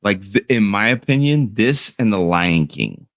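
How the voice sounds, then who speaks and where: Chill guy in his 30s rambling on a stream chat, lowish voice, dry close sound. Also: sing-song, measured pace, a bit bright, no echo. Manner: laid-back, rambling, swears casually. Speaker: co-host. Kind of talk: casual chat.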